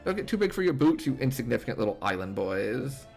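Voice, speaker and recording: Sneering game villain, a proud English lady read by a man, gravelly edge, looks down on everyone. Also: medium pitch, very animated, quick pace, a little mellow, faint music behind. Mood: scornful. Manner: disdainful, condescending reading. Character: haughty English woman, scornful villain.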